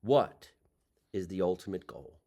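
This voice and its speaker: A man's voice: low-pitched, a little slow, dark tone. A man with a New Jersey accent hosting a comedy podcast, telling stories in a casual chat. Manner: chatty storyteller, laughs often.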